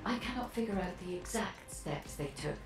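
A woman voicing a calm, businesslike mission guide in a video game, speaking in a matter-of-fact briefing tone. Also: mid-range voice, normal speed, music in the background, natural voice. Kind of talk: scripted game dialogue.

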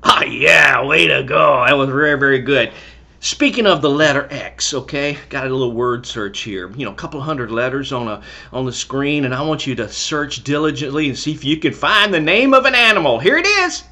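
A middle-aged man leading a children's church service, cheering the kids on and then telling a Bible story gently. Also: medium pitch, lively intonation, moderate pace, gravelly. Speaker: children's pastor. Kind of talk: lively children's church talk.

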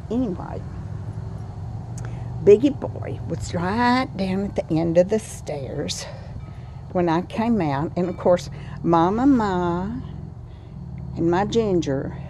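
Lady chatting outside on her patio, real slow n soft-toned, kinda low voice. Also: a little hiss or hum. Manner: slow, homey Southern talk, says "y'all". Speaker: vlogger. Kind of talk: casual vlog chat. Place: outdoors by a cottage patio.

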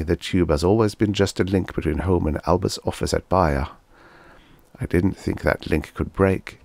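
Male audiobook reader, very low voice, gravelly, dry close recording. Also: darkish tone, dry recording. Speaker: audiobook narrator. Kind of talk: scripted narration.

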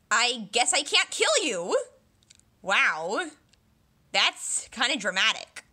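A woman's voice: on the high side, pushed and bright, slightly rough. A woman doing a comedic parody dub of a dragon story, voicing every character herself with silly voices, shrieks and mutters. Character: cast of young dragons in a parody. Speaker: solo fan dubber voicing every character.

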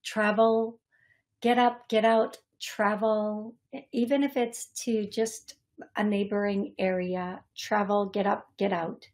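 A young adult woman hosting a psychic medium show, speaking in a halting, repetitive way with many fillers as she passes on messages to viewers. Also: mid-range voice, steady tone, darkish tone. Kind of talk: live-stream reading for viewers.

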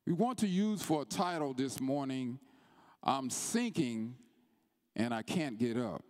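A man preaching a sermon in church, reading scripture in a measured way and then building to a rising, chanted delivery. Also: medium pitch, animated, darkish tone. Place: church sanctuary. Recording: long church reverb.

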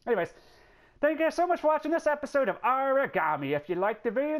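A man hosting a let's play, joking, excitable and swearing freely as he comments on a game. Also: sits high. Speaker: gaming channel host.

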